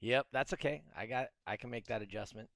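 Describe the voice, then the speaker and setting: A man hosting an interview show, talking in a relaxed, joking way over a video call. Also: mid-range voice, brisk, dry recording, clean studio sound. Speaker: podcast host.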